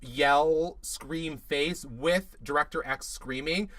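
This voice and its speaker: A man co-hosting a casual recap show, chatty and snarky, breaking into quick mocking asides. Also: fairly high pitch, heavy background noise. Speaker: podcast co-host.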